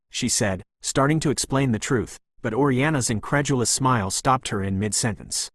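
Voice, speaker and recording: A man narrating a novel as an audiobook in a calm, even, pleasant reading voice. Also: lowish voice, moderate pace, hardly any pauses, no echo, studio quality.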